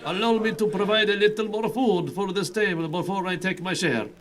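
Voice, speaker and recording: A man reading the lines of a legendary male hero in a game, speaking formally and solemnly, with a high voice. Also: fairly quick, faint music behind, natural voice. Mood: proclaiming. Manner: solemn, formal speech-giving. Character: returning legendary male hero, grand and commanding.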